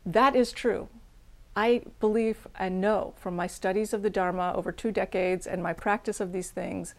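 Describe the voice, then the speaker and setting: A woman's voice: mid-range voice, steady tone, normal speed, darkish tone. A middle-aged woman teaching meditation, giving a frank, plain-spoken dharma talk and guided practice with a self-deprecating edge.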